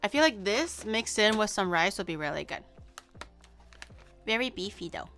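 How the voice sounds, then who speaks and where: Bright, chatty young woman streamer. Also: medium pitch, moderate pace, soft background music. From Canada. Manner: chatty, excitable, swears casually, lots of "like". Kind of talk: casual live-stream food tasting.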